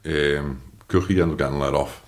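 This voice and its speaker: A man in his thirties with a Liverpool accent, telling his story as a podcast guest, animated and swearing, acting out what others said. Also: extremely low pitch, moderate pace. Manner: animated, swears, acts out quotes. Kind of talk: casual storytelling.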